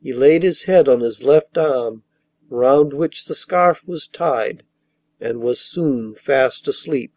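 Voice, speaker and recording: A man reading a fairy tale aloud as an audiobook narrator in a measured, even storytelling manner. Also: medium pitch, no room sound.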